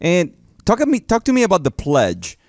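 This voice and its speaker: A man co-hosting a business podcast, chiming in with quick reactions, laughs and quotes. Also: high-pitched, wildly swooping pitch, a little mellow, no echo. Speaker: podcast co-host. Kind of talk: casual podcast chat.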